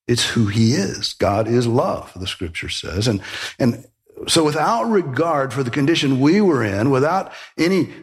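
A man's voice: mid-range voice, big pitch swings, unhurried. A man preaching a sermon, emphatic, with rhetorical questions and sudden rises in emphasis. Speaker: pastor.

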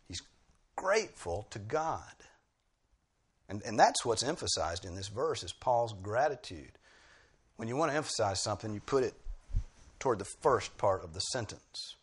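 A man's voice: lowish voice, very animated, normal speed, pauses often, slightly rough. A male preacher delivering an expository sermon, pressing key phrases with emphatic bursts.

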